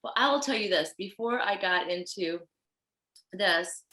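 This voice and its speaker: A woman with a Haitian accent, a fashion designer guest telling stories in an animated, chatty way. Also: medium pitch, unhurried. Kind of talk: casual chat. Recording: roomy echo.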